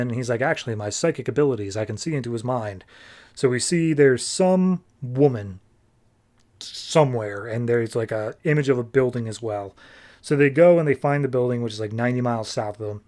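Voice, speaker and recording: A man hosting a podcast casually reviews and recaps comics, chatty and heavy on fillers, slipping into quick offhand character voices. His voice is medium-pitched with a darkish tone.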